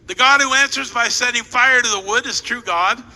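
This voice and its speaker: A male pastor jokes with his congregation and directs volunteers while playfully recounting a scripture story into a stage mic. He speaks at a moderate pace in a very high, bright, forceful voice, and the big church hall adds long echo and faint noise.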